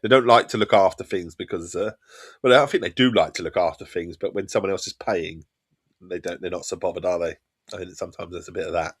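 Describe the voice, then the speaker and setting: A man's voice: deep voice, fast talker, husky. A middle-aged man with an Essex accent, chatting and rambling casually while streaming a game. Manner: rambling, chatty and self-deprecating. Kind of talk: casual chat while gaming.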